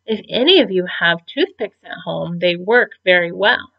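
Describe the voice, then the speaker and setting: A woman voicing a patient female owl schoolteacher in a storybook, measured and instructive. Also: lowish voice, lively intonation, gravelly, lo-fi sound.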